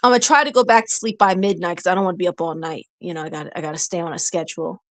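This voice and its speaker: A woman's voice: fairly low pitch, very fast, no room sound. A tired woman venting on a stream in a casual, rambling way, full of fillers and restarts. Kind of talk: casual chat. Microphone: streaming setup.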